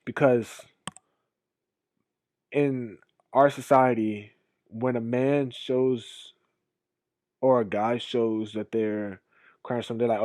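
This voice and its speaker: A young man streaming a casual reaction, talking emphatically and rambling, swinging from loud to quiet. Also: mid-range voice, measured pace, pauses often, dry recording.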